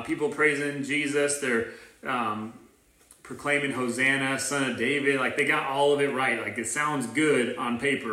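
Bright-voiced man preaching in a roomy hall. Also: mid-range voice. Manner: conversational preaching with slang and acted-out asides. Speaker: pastor. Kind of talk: casual sermon. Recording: roomy sound from a distance.

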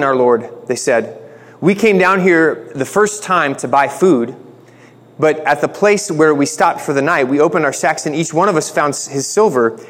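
Male pastor, slightly high voice, relaxed joking sermon delivery, long hall reverb. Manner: conversational, joking, acts out quotes.

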